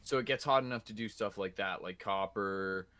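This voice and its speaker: Lower-voiced young male co-host, bright tone, loose and rambling, profane. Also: moderate pace, clean tone. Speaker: podcast co-host. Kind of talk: casual chat.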